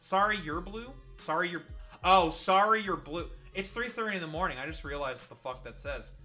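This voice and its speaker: A man's voice: on the high side, expressive, a little fast, sharp tone, faint music behind. A tired young Canadian man streaming late at night, ranting sarcastically and profanely in a rambling way. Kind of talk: late-night livestream rant.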